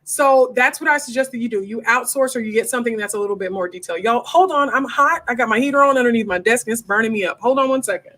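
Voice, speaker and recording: A fast-talking woman hosts a homeschool livestream Q&A from her home desk, leaving few pauses. Her voice is on the high side and fairly bright, and her manner is frank and casual as she says y'all to her viewers.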